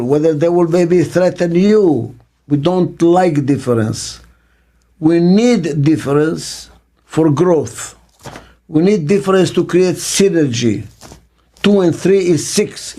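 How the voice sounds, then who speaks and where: An older man with a Hebrew mother tongue, a business consultant speaking in an interview, slow and emphatic, repeating his key words. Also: a little high, dark tone. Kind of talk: interview monologue.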